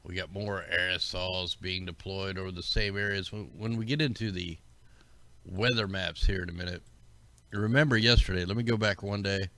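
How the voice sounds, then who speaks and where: Low gravelly-voiced man musing aloud. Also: steady tone, moderate pace, bright, forceful tone. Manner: rambling, conspiratorial, talks to chat viewers. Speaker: livestream host. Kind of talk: casual commentary over maps.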